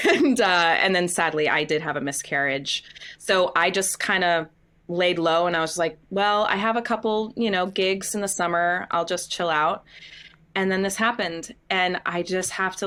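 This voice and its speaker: A woman in her thirties, a stage actress, telling stories in an interview in a candid, animated way, acting out quotes and laughing often. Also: on the low side. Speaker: guest, Broadway actress.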